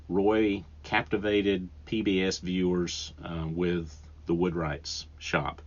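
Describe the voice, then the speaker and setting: A man's voice: deep voice, steady tone, takes it slowly, lo-fi sound. A man with a thick Southern accent hosting a podcast, recommending books in an enthusiastic, rambling way with fillers and restarts. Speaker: podcast host. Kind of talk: casual book recommendations.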